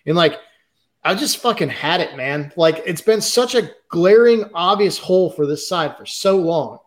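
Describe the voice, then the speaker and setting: A man's voice: high-pitched, animated, moderate pace. A man co-hosting a football podcast, ranting in frustration and swearing. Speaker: podcast co-host. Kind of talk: heated football fan chat.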